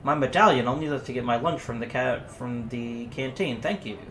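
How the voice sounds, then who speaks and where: A man hosting a let's play, reading a story game aloud with animated asides. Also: mid-range voice, normal speed. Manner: animated, gasping reactions. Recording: roomy echo, faint noise.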